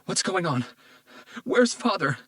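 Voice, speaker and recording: A man's voice: expressive, moderate pace, a bit bright, dry recording, studio quality, distant mic. A man voicing a distraught woman in her early thirties, frantic and pleading as she reads an audiobook scene. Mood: panicked. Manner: frantic, high-pitched and pleading.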